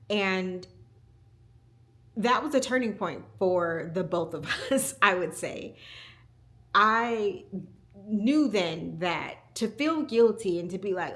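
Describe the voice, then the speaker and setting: Reflective woman telling a personal story. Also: medium pitch. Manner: warm, reflective, candid, laughs often. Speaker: communication coach. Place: home.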